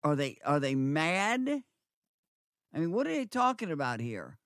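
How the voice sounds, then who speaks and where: A man's voice: on the high side, wildly swooping pitch, a little slow, a bit bright, no echo, studio quality. A man preaching a sermon, repeating words for emphasis and asking the listeners rhetorical questions.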